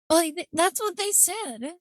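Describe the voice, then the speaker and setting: A woman streaming a game, chatting casually in an excitable, rambling way full of fillers. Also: extremely high pitch, no echo.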